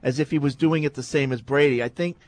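A man's voice: medium pitch, fairly even intonation, fast. A man hosting a casual sports talk show, reading listener emails aloud and steering the talk.

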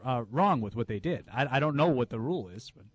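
A man's voice: medium pitch, expressive, fast, dry recording. A man co-hosting a sports talk show, hesitant and often restarting his sentences. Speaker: co-host.

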